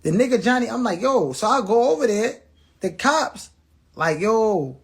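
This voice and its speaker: A man with a high-pitched, slightly rough voice and lively intonation speaks a little slowly. He tells viewers a personal story bluntly with plenty of profanity, acting out people's dialogue and often repeating or restarting words.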